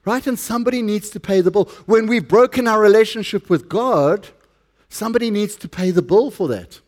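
A man's voice: sits high, brisk, a little mellow. A middle-aged man with a South African accent preaching a sermon, chatty and joking with the congregation. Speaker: pastor.

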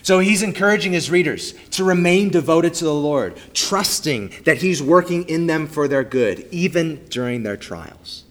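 A man preaching a sermon in a church, stressing key phrases loudly, then dropping to quiet, low line endings. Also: lively intonation, normal speed, few pauses. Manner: emphatic, swings from loud stresses to soft, low trailing endings. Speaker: pastor. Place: church sanctuary.

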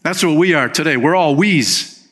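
At a measured pace and medium pitch, this preacher stays energetic, alternating forceful declarations with soft pleas and asking his congregation rhetorical questions.

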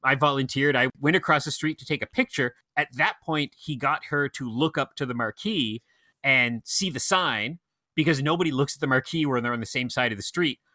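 Bright-voiced man telling stories. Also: medium pitch, no room sound, clean studio sound. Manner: animated storyteller, quick run-on anecdotes. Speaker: movie theater operator. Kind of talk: casual podcast chat.

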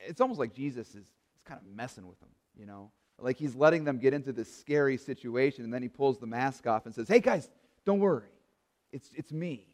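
A man's voice: mid-range voice, fast talker, few pauses, a little mellow, in a large hall. A man preaching a sermon as pastor to an online congregation, earnest and full of rhetorical questions, with frequent small restarts. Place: church or studio for an online service.

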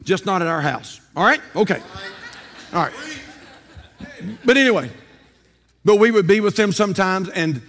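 A man's voice: high-pitched, animated, moderate pace, pauses often, a bit bright, big-room sound. An older man preaching a sermon as pastor, folksy and storytelling, with rhetorical questions. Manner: folksy, asks rhetorical questions and tells stories.

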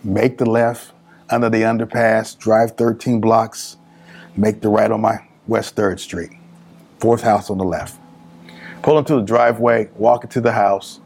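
A middle-aged man from California telling a personal story in an interview, acting out quoted voices with lively pitch swings. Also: unhurried. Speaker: guest author.

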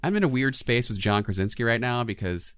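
A man's voice: mid-range voice, expressive, fairly quick, fairly bright tone, clean tone, dry recording, clean studio sound. A man co-hosting a casual chat show about commercials, talking in a chatty way with easy laughs and many restarts. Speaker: podcast co-host.

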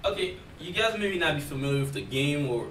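A man's voice: a little high, lively intonation, brisk, a loud crowd. A man with a non-native English accent, rambling in a casual chat, full of fillers and laughs. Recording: roomy, distant mic, faint noise.

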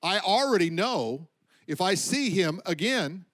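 A man with a high voice preaches a sermon. He speaks with emphasis, slows down on his key points, and lets his voice fall low at the ends of lines. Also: expressive, fairly bright tone. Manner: emphatic preaching, slowing for stress and dropping low at line ends. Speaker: pastor.

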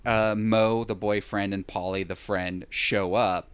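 A man's voice: lowish voice, little pitch movement, measured pace, slight background noise. A man in casual chat, recapping a film in a rambling way with wry, sarcastic asides.

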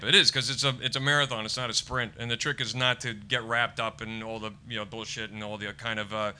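An American comedian, middle-aged, telling lively anecdotes in a casual chat and acting out other people's lines. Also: male voice, mid-range voice, fast, hardly any pauses. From United States. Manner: animated storyteller acting out quotes. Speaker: stand-up comedian guest.

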